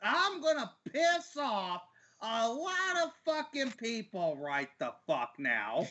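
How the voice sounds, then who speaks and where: A man ranting loudly and profanely in a casual wrestling chat. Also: very high-pitched, very animated, slow, muffled recording. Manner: loud, rowdy and profane rants.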